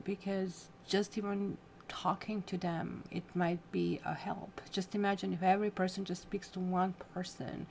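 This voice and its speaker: A woman's voice: lowish voice, gravelly, darkish tone, slight background noise. A woman hosting a casual livestream tarot reading. She talks in a chatty, rambling way, speaks straight to her viewers and reacts to their comments. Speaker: tarot reader.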